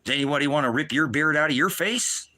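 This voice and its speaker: A middle-aged man preaching on a livestream, ranting in anger with constant swearing, swinging between shouting and low muttering. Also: fast talker. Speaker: ministry preacher. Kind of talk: angry livestream rant.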